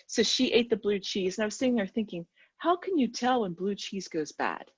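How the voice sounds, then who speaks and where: A woman telling an animated story on a coaching call and acting out the dialogue. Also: medium pitch, a little fast, breathy edge, no room sound. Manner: animated, laughing at herself, acts out dialogue. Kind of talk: casual storytelling on a group call. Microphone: video call.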